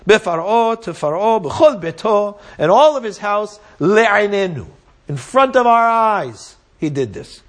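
A man's voice: high-pitched, sing-song, unhurried. A man teaching a Torah class, reading Hebrew verses and explaining them step by step, often checking in with "right?" and "yeah?". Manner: reads Hebrew verses aloud and translates them.

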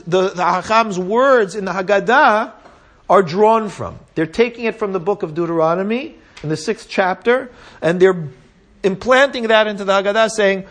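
A man's voice: high voice, fairly bright tone. A man teaching a Torah class, reading Hebrew verses and explaining them step by step, often checking in with "right?" and "yeah?". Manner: reads Hebrew verses aloud and translates them.

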